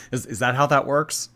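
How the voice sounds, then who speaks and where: A man chatting casually on a live stream, teasing and sarcastic. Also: mid-range voice. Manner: sarcastic, teasing, lively intonation. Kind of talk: casual livestream chat.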